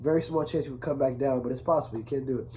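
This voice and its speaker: A young man talking casually to camera, earnest and rambling, full of restarts, growing softer when he speaks of his father. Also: mid-range voice, fairly even intonation, rapid-fire, a little hiss or hum. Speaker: vlogger. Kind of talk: casual confessional talk to camera.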